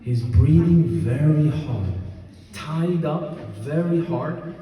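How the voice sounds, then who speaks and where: A man's voice: a little high, slow, warm tone. A man preaching a sermon to an audience, telling stories and asking them rhetorical questions. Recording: echoey hall from far off, crowd audible.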